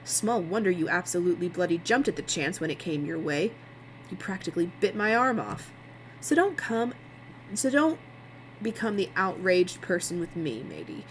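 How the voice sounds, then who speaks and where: A woman's voice: lowish voice, sing-song, moderate pace, a little hiss or hum, poor audio. A woman voicing a smug male TV producer, sarcastic and needling.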